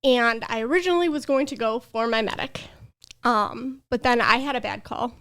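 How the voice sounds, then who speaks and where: A woman's voice: a little high, moderate pace, fairly bright tone. A young adult woman, a podcast guest, earnestly telling a personal story with emotion. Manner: earnest, emotional, tearful at times.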